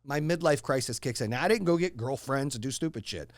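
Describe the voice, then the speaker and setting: Fast, animated man in his forties. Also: mid-range voice, dry recording, studio quality. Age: 40s. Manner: brash, boastful storyteller with big swings in loudness. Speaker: guest, entrepreneur. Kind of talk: casual interview chat.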